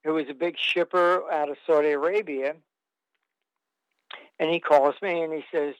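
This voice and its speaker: A man's voice: a little high, steady tone, moderate pace, long pauses, clear, resonant tone, dry recording, muffled recording. A man telling long anecdotes as an interview guest, rambling with fillers and restarts.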